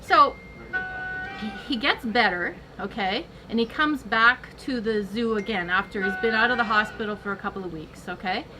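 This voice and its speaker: A woman chatting casually on a livestream and telling an animated joke, acting out the characters as she goes. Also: moderate pace, over music, poor audio. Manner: animated storyteller, acts out the characters with big pitch jumps.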